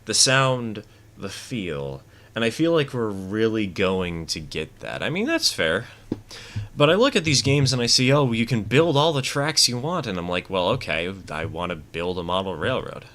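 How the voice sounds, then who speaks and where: Deep, bright-voiced male game streamer. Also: sing-song, normal speed, a little hiss or hum. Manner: chatty, rambling and opinionated, with fillers. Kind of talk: casual gameplay commentary, reading chat.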